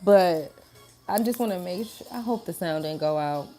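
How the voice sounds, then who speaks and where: Chatty woman with a lowish voice. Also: lively intonation, normal speed, warm tone, soft background music. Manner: chatty and colloquial, addresses viewers as y'all; acts out voices in quoted dialogue. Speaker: spiritual message creator. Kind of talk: casual spiritual pep talk to viewers.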